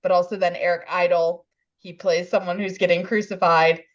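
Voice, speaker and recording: A woman co-hosting a podcast, chatting casually about a film and lively in how she retells its scenes. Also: fairly low pitch, no room sound, dull audio. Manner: animated, acts out scenes in quick voices. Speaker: podcast co-host. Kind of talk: casual film review chat.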